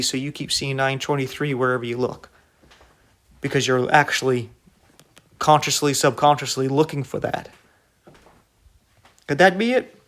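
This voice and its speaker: A man preaching an online sermon in an emphatic, rebuking way, full of rhetorical questions. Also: on the high side.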